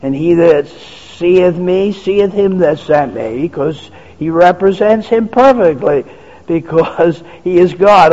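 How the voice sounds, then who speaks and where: A man preaching in a slow, measured way, his voice sitting fairly high. He builds emphatic, repetitive runs of phrases and stretches his words out. The recording is dull and muffled and carries a long hall reverb. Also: lively intonation, a little mellow. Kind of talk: sermon.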